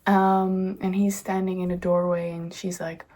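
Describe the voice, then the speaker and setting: A woman's voice: lowish voice, level tone, unhurried, dark tone. Chatty young woman rambling at home. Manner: chatty, easily sidetracked, bubbly. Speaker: author and vlogger. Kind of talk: casual rambling chat. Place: home indoors.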